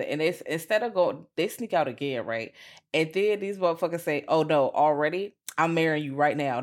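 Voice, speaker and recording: Lowish woman podcast cohost, swears a lot, goes way up in pitch doing the characters. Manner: profane, animated, acts out characters with big pitch jumps. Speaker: podcast co-host. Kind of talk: casual chat reviewing a film.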